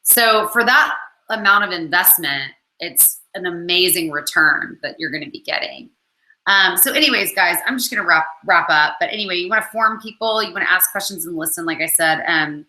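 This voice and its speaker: Bright-voiced woman coach w hiccups, lots of um and like, kinda echoey room. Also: on the low side, animated, normal speed. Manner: chatty, many fillers like "um" and "like". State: has the hiccups. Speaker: network marketing coach. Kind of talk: casual video talk to followers.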